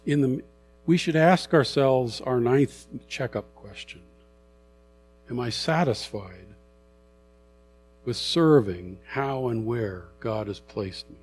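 A middle-aged man preaching a sermon, conversational and animated as he reads and explains scripture. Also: medium pitch, slow pace, pauses often. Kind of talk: sermon Bible teaching.

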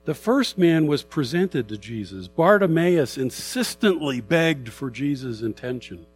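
A middle-aged man preaching a sermon, conversational and animated as he reads and explains scripture. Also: on the high side, unhurried, a little hiss or hum. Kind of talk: sermon Bible teaching.

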